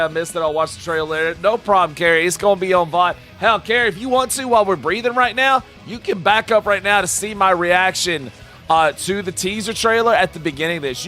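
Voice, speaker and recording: A man with a bright, forceful voice sitting a little above the usual male pitch talks to his stream chat, swearing freely and shouting with excitement. He drops to quieter, heartfelt asides between whoops, and faint music plays behind him in his home streaming room. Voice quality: loud, profane, hyped-up delivery. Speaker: live-streamer reacting to game announcements.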